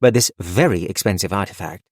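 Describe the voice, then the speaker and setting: A man voicing a severe, no-nonsense elf woman warrior in an audiobook, speaking briskly. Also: sits low, no room sound, clean studio sound.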